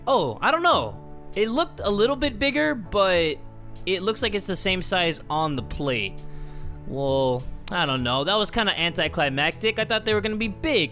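Loud, excitable man swearing at a game. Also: high-pitched. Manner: loud, swearing, bursts of shouting and laughter. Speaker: gaming YouTuber. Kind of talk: excitable let's-play commentary.

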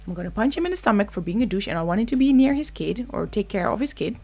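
A woman talks through a reality TV episode in a casual, outspoken way, scolding the people on screen. Her voice has a gravelly, fried edge, and faint music plays quietly underneath. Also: medium pitch, expressive, fast. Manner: chatty, blunt, scolding. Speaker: reality TV reviewer. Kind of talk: casual reaction commentary.

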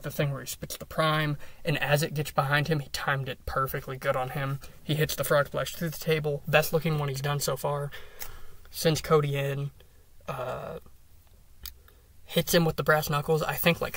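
A man's voice: a little high, a bit bright. A young man hosting a solo podcast, ranting enthusiastically with lots of swearing and filler words. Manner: enthusiastic, profane, rambling with fillers. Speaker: podcast host. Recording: dry, a bit far from the mic.

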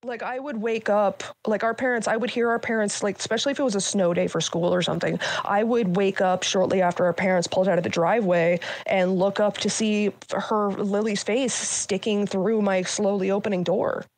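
A woman's voice: medium pitch, fairly even intonation, brisk, hardly any pauses, no room sound. A woman in her thirties recounting painful family memories as a guest, blunt and candid, swearing often, with many fillers. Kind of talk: candid personal storytelling.

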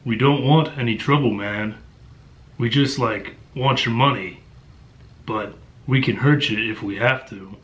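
A menacing young street mugger, as a man puts him on, read in a dull, deliberately flat monotone. The pitch sits mid-range, and the tone stays level in every line. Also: lightly acted. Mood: threatening. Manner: flat monotone parody reading.

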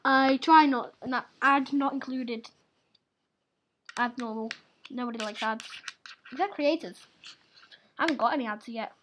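A woman's voice: sits high, measured pace, long pauses, fairly bright tone, slight background noise. A young woman, in her teens, hosting a casual gaming video with chatty, giggly, teasing talk. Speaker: gaming channel host.

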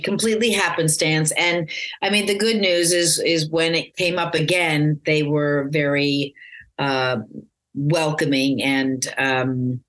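Middle-aged american woman, really low voice, chatty and rambly, lots of ums. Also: fairly even intonation, slow pace. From United States. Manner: rambling, warm storytelling with many fillers and restarts. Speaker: actress guest. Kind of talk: casual interview chat.

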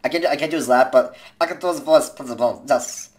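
Very deep-voiced young woman vlogging. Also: quick pace. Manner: rambling with many fillers and restarts. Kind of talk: casual amateur tips video.

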